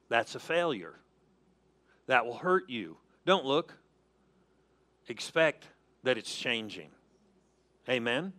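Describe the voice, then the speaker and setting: A man's voice: medium pitch, a bit bright. A man preaching a sermon as pastor, emphatic, calling on the congregation to answer and repeating key phrases.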